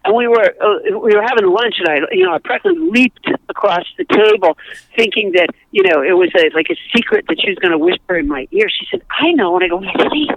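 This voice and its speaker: Gravelly woman telling rambling stories. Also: mid-range voice, sing-song, fast talker, no room sound, lo-fi sound. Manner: rambling anecdotal storytelling with many restarts. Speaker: comedian guest. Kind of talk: casual podcast chat.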